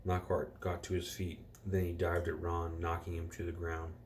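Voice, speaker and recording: A man with a very deep, low voice reads a storybook chapter aloud to children at home. His delivery is relaxed and informal, and he fixes his own slips as he goes. A faint background noise sits under the reading. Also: moderate pace. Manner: relaxed, corrects himself and rereads.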